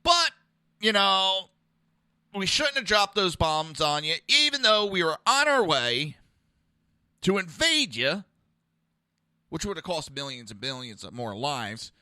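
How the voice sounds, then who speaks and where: A man's voice: on the high side, sing-song, unhurried, pauses often, sharp tone, no echo, clean studio sound. A man hosting a podcast, delivering an aggressive, profane, mocking political rant. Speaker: podcast host.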